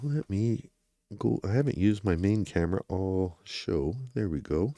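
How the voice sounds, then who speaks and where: A man with a very low voice hosts a true crime livestream in a loose, rambling way, often turning to talk with his chat. The sound is dry and close, with no room echo. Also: animated, unhurried, dark tone. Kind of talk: casual livestream commentary.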